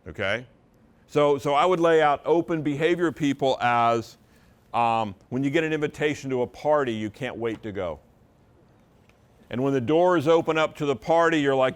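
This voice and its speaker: This man's mid-range voice is clean and moves at a normal speed. He's addressing real estate agents at a live seminar, speaking forcefully yet conversationally and letting intonation carry his key points.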